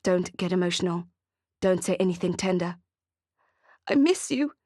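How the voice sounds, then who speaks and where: A woman's voice: on the low side, animated, normal speed, a little mellow, no room sound, clean studio sound. A woman reading the part of a tearful, desperate woman, emotional and pleading.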